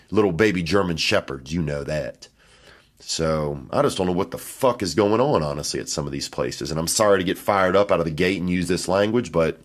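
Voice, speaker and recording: A man with a low, deep voice rambles through a comic monologue. He talks in a loose, offhand way and swears freely, like a comedian riffing alone in a hotel room. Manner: loose, profane, offhand storytelling. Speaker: podcast host and comedian.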